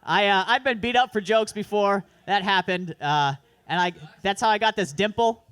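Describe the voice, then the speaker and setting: At a comedy club open mic, a male stand-up comedian with a high, slightly bright voice delivers a crude, self-deprecating set at a moderate pace, rambling through asides. His sound is smooth, with no room echo.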